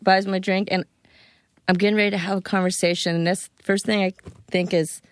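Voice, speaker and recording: In a mid-range voice at a moderate pace, a podcast guest recounts animated stories, performing the lines of the people in them. The recording has no room sound.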